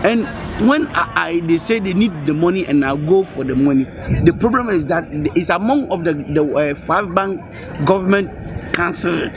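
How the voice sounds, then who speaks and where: An actor playing an anxious school worker who speaks haltingly. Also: male voice, sits high, lively intonation, music in the background.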